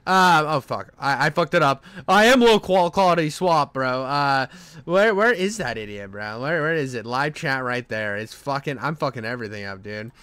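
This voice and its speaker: A young man streaming live, reacting in crude, excitable rambling commentary full of swearing. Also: mid-range voice, moderate pace, clean tone, no echo. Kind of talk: casual livestream commentary.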